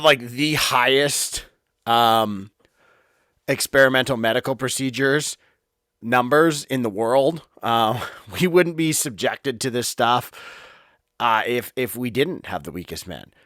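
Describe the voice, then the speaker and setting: Podcast host, male, blunt and heated, middle pitch, dry room. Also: a bit bright, no echo. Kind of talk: casual opinion monologue. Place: home office.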